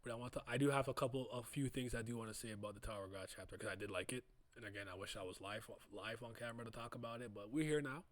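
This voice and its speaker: A man casually chatting on a livestream, reviewing comic chapters, animated and laughing often. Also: mid-range voice, racing, hardly any pauses, no room sound. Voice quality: animated, laughs often, swings loud and soft. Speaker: streamer reviewing manga chapters.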